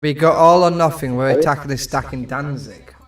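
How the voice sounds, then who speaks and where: A man's voice: a little high, a little fast, distant mic, a little hiss or hum. A British man streaming a strategy game and chatting with friends, joking and laughing often. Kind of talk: casual gaming chat with friends.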